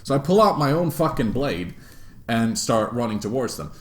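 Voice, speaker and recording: A man's voice: medium pitch, normal speed. A young man, hosting a casual chat and telling a tabletop game story with lots of laughing and swearing. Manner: animated, laughing, swearing freely. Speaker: host.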